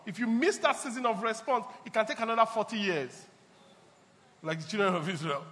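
A man's voice: high-pitched, animated, a little fast, fairly bright tone. A man preaching a sermon at a church service, emphatic and repetitive, laughing between his points. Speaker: pastor. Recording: echoey hall.

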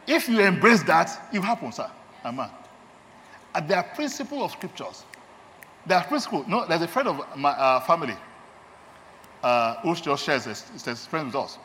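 A man's voice: fairly high pitch, big pitch swings, moderate pace, long pauses, fairly bright tone, slight background noise. A man with a Nigerian accent preaching a sermon, emphatic and repeating his key phrases. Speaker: lay preacher and doctor. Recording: long hall reverb, faint ambience.

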